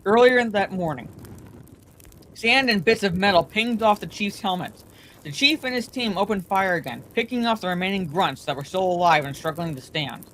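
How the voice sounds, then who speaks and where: Woman, bedtime story reading, steady plain delivery, slightly congested, mid-pitched, faint background noise. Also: moderate pace, poor audio. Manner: steady, plain reading aloud with occasional throat clearing.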